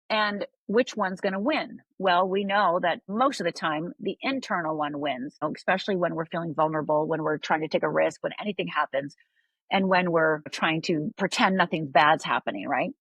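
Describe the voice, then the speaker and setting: An older woman from Upper Michigan speaks as a podcast guest in a low, husky voice. She tells her story candidly and keeps checking in with quick tag questions. The sound is dry and close. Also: fairly bright tone, dry recording, poor audio. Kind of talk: personal storytelling.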